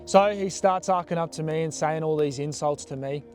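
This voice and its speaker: A young man telling a story from his past in a casual, animated way, blunt and swearing freely. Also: on the high side, normal speed, faint music behind. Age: young adult.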